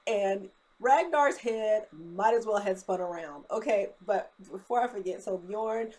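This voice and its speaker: A woman's voice: medium pitch, a little slow. Chatty woman gossiping through a recap. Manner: gossipy and expressive, with many fillers like "you know" and "okay?". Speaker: TV episode recapper.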